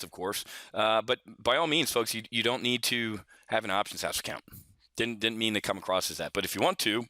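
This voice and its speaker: Talkative, opinionated man with a bright voice. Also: medium pitch, no room sound. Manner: rambling, opinionated, folksy asides, frequent restarts. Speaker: options trading educator. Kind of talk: casual solo market update.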